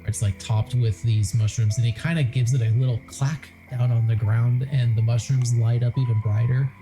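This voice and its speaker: A woman narrating a tabletop game as game master, laid-back, with frequent pauses and laughs. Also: very deep voice, fairly even intonation, warm tone, soft background music, rough recording.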